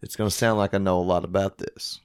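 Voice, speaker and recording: A man's voice: deep voice, little pitch movement, fast talker, clear, resonant tone. A man co-hosting a podcast, crude and joking in casual banter. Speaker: podcast co-host.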